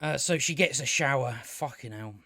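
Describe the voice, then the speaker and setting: A man's voice: mid-range voice, moderate pace, bright, forceful tone, dry recording, clean studio sound. A man giving a casual spoken TV review, ranting with exasperation, stumbling over restarts and swearing.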